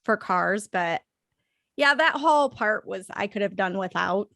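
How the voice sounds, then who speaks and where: A woman's voice: medium pitch, expressive, measured pace, gravelly, a bit bright, dry recording. A woman co-hosting a casual movie review chat, blunt and joking. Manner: blunt, joking, laughs often. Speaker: podcast co-host reviewing a film.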